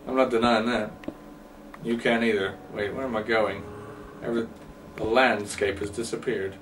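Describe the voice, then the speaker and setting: A man's voice: on the low side, steady tone, normal speed, a bit bright. A man rambling and joking to himself while commentating his game, with a distant mic and faint noise. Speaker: gamer. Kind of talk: let's play commentary.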